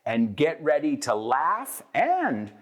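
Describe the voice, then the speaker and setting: A man's voice: on the high side, wildly swooping pitch, takes it slowly. A man hosting a bilingual English lesson, explaining with lots of energy and acting out example lines, switching between English and Spanish. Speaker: English teacher and host.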